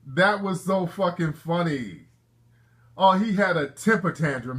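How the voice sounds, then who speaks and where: A man's voice: high voice, measured pace, fairly bright tone. Brash joking talk-show host, man. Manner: brash, joking, street slang, lecturing callers. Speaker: show host taking calls. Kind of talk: call-in talk show banter.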